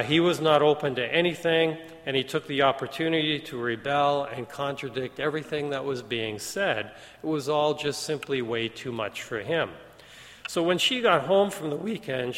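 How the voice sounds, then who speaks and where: A man's voice: medium pitch, fairly bright tone. Man telling a sermon story in a reverberant hall. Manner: retells a story with quoted dialogue, occasional restarts.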